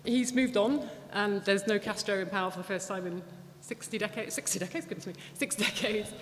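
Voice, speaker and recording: A woman giving an anecdotal talk to an audience, chatty and animated, often restarting her sentences. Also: medium pitch, a little fast. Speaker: guest speaker at a public talk. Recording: echoey hall, faint background noise.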